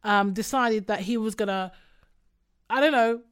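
A woman's voice: fairly high pitch, moderate pace, smooth. A woman co-hosting a casual chat, swearing freely and breaking into mocking impressions. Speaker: podcast co-host.

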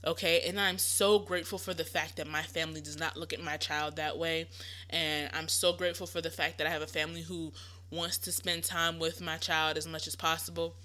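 A woman's voice: sits low, little pitch movement, fairly quick, sharp tone. A young woman, hosting a podcast and giving casual, reassuring parenting advice with lots of fillers. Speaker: podcast host.

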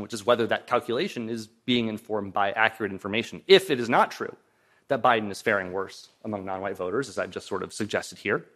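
Guy w a lowish voice lecturing, lots of ums and restarts, careful and thoughtful. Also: a bit bright. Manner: thoughtful, hedging, many restarts and "um"s. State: voice briefly strained. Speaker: guest lecturer. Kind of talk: public lecture with audience questions. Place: lecture hall.

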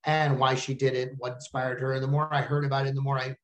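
A man with a Texan accent, a comedian chatting casually and telling animated stories as a podcast guest. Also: mid-range voice, fast talker. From Texas. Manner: animated storyteller, slips into silly voices.

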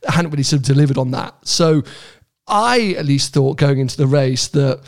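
A man's voice: medium pitch, lively intonation, moderate pace. A British man co-hosting a podcast from his apartment, chatting casually and laughing often. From Britain. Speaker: podcast co-host. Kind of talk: casual chat. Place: home apartment.

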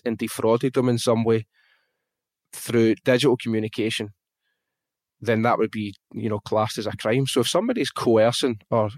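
A man's voice: mid-range voice, dry recording. A man with a Glaswegian Scottish accent, speaking frankly and with feeling as he tells a personal story in casual conversation, swearing now and then. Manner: animated, frank, swears freely. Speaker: guest on a podcast.

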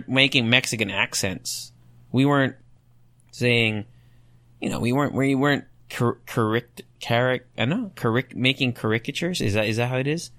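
A young man hosting a solo podcast, thinking out loud and rambling through rhetorical questions as he reads online comments. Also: medium pitch, no room sound. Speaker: podcast host.

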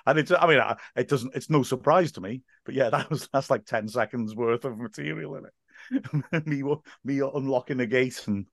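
A man's voice: medium pitch, normal speed, creaky, dry recording, clean studio sound. A man as a podcast guest, a stadium announcer and teacher, chatting casually and telling stories with frequent laughs and quoted voices.

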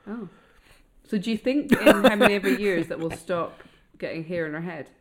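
A woman's voice: on the low side, animated, crowd noise. Chatty Scottish woman on a podcast. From Scotland. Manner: quick, chatty, playful. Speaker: podcast co-host. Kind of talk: casual podcast chat.

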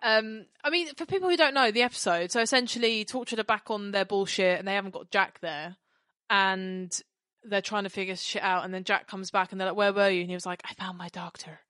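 A woman co-hosting a podcast in casual chat, animated and rambling, apologising and laughing often. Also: mid-range voice, fairly quick, no echo, clean studio sound. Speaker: podcast co-host.

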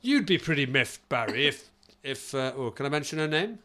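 Animated man telling a story. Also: mid-range voice. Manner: playful, doing quick put-on regional accents, laughing often. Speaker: comedy podcast host. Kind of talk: casual comic chat, reading a news story aloud.

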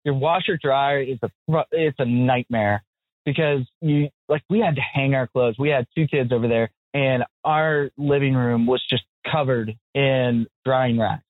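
Casting: American man, casual podcast talk, blunt animated storyteller, dry thin phone-like sound. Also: medium pitch, unhurried, dry recording. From United States. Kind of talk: casual chat. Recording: tinny phone-like audio, dry.

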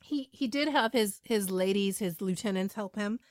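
A woman's voice: mid-range voice, moderate pace, darkish tone, no room sound, clean studio sound. A woman podcast host retelling a story in casual, chatty talk with frequent ums and asides.

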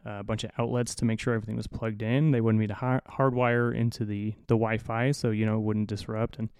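A man's voice: fairly low pitch, little pitch movement, fast, darkish tone, clear, resonant tone, no echo. A man hosting a podcast, telling a long story in a rambling, profane, self-deprecating way through a studio mic. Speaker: podcast host. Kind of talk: casual storytelling monologue. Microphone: studio mic through an audio interface.

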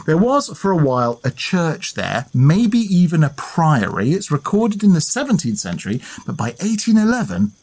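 A man co-hosting a podcast, telling history and folklore stories in a lively, playful way. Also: on the high side, moderate pace, hardly any pauses. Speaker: podcast co-host. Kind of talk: storytelling history chat.

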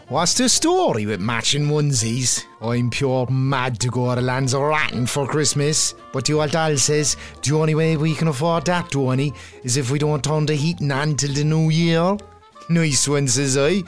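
A man's voice: on the high side, natural voice. A man playing a cheeky working-class Irish caller with a Cork accent, talking in slang, in a comedy sketch. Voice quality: slangy, cocky.

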